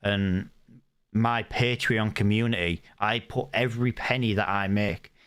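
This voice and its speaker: A young man from the United Kingdom plays a game on stream, chatting with his live chat, reading their comments and thinking aloud. His lowish voice is steady, measured, a bit bright and clean.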